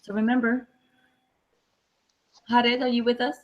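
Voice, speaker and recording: A woman's voice: a little high, level tone, unhurried, dull audio. A woman teaching a classroom lesson, explaining patiently step by step with many fillers. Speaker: Spanish teacher.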